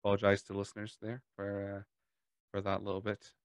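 A man's voice: on the low side, monotone, brisk, clear, resonant tone, no room sound, clean studio sound. A Scottish man hosting a podcast, chatting loosely and often laughing. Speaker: podcast host. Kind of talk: casual podcast chat.

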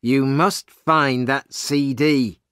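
A man's voice: mid-range voice, fairly even intonation, extremely slow, a bit bright, clean tone, no room sound, clean studio sound. A man doing a curt, demanding, angry boss. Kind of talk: storybook reading for English learners.

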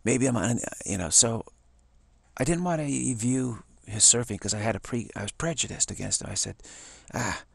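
A man with a gravelly, slightly husky voice talks on in a loose, rambling monologue, stumbling over restarts and repeated words. His pitch sits mid-range, he grows animated and excited as he talks, and the sound is dry and close. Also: brisk, no echo. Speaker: talk host. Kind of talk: casual monologue.

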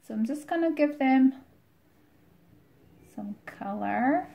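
Slow, gentle Scottish woman storyteller. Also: high-pitched, expressive, vocal fry, reverberant. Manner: gentle, rhythmic, drops to soft asides while drawing. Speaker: music tutor. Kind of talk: children's storytelling and drawing.

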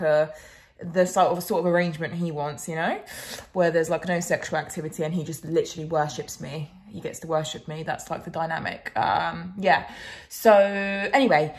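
A young woman from Finland with a Finnish accent, chatting casually in a vlog, swearing freely and laughing often. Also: lowish voice. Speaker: vlogger.

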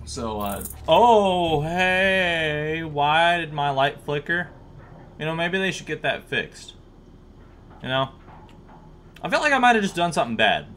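A man's voice: on the high side, big pitch swings, measured pace, fairly bright tone. Young man, about twenty, gaming commentary, chatty, nervous, repeats things aloud, faint hiss. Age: young adult. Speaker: gaming YouTuber. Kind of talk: live game commentary.

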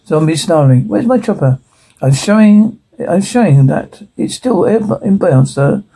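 Gravelly, husky man reading a script. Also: sits high, animated, measured pace, dark tone. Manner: reads every part and stage direction in one voice, with stumbles and restarts. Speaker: solo reader voicing all parts and sound cues. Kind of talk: reading a TV script aloud with sound cues.

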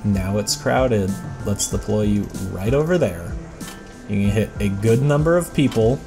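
Speaking in a fairly low voice, a man hosts a let's play with loose, wandering commentary. He's self-deprecating and talks directly to the characters on screen.

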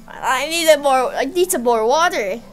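A playful woman chats casually while playing a video game, often repeating herself. Her voice sits high and her pace is unhurried. Faint music plays underneath. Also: expressive. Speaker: gaming channel co-host. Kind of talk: casual gameplay chat.

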